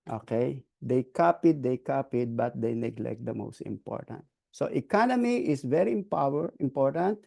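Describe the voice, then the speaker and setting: Man, teacher, history lecture, raised pitch, gravelly, frequent "okay". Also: dark tone. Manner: frequent "okay" checks, restarts.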